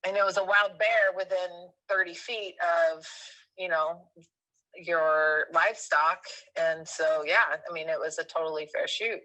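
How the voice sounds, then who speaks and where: A woman in her thirties, a guest telling a personal story in a casual, animated way, rambling with fillers and correcting herself. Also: lowish voice, a little slow, rough recording.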